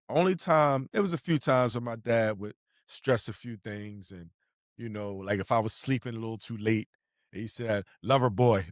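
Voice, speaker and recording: A man's voice: medium pitch, dry recording, clean studio sound. A middle-aged man, telling slangy stories in a casual podcast chat as co-host. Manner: laid-back storyteller, slangy, acts out quotes.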